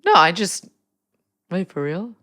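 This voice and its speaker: A woman's voice: fairly low pitch, sing-song, a little slow, pushed and bright. A woman co-hosting a podcast, skeptical and laughing in casual banter. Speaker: podcast co-host.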